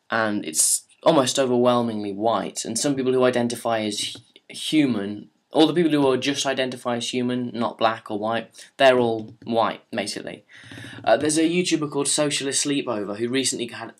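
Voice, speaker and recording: A young man rambles through a story and a viewer Q&A at a middle pitch. His delivery is casual and sarcastic, full of swearing and restarts. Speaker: vlogger.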